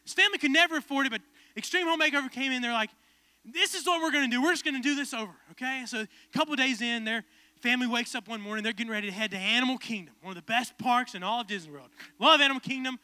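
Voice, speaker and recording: A man in his twenties, a pastor telling a casual, animated story in a sermon that builds to fervent preaching. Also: very high voice, racing, clear, resonant tone, no echo. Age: 20s.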